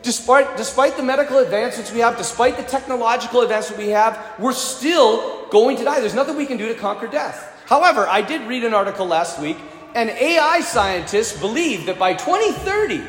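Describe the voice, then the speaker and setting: A priest delivers a sermon with a high, bright pitch that swoops up and down as he tells his stories. His voice carries through a large church with a long, ringing reverb. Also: a little fast. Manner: animated storyteller, acts out children's voices.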